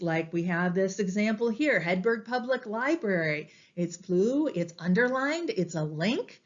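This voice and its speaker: A woman's voice: mid-range voice, highs cut off. A woman librarian giving a casual, explanatory class presentation, with frequent ums.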